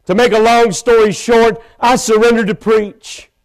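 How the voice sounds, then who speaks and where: A man preaching a sermon in a church, telling his own story with feeling and rising to loud pleading. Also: very high-pitched, fairly even intonation, measured pace. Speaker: pastor. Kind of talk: sermon testimony. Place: church sanctuary.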